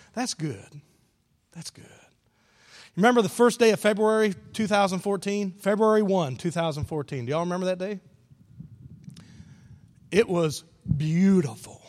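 Guy preaching, high voice, lots of hall reverb, keeps repeating his points. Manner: emphatic preaching, repeats key phrases. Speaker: pastor. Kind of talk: sermon. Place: church sanctuary.

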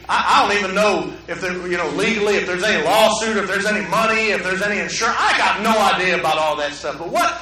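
A middle-aged man, preaching a sermon to a room, swinging from hushed to loud. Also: high voice, reverberant, far from the mic, slight background noise, poor audio. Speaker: pastor. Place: room with an audience.

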